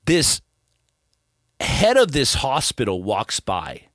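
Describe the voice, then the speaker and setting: A man's voice: medium pitch, wildly swooping pitch, slow pace, fairly bright tone, no echo, studio quality. A man in his thirties, a podcast guest, telling his story in a casual, earnest way with stammered restarts. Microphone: studio podcast mic.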